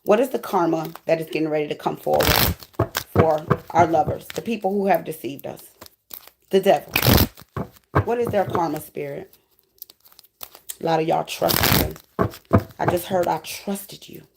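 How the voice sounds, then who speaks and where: A woman's voice: low voice, moderate pace, vocal fry, pauses often, heavy background noise. A woman giving an emotional, preachy spiritual tarot reading, close to tears. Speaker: tarot reader.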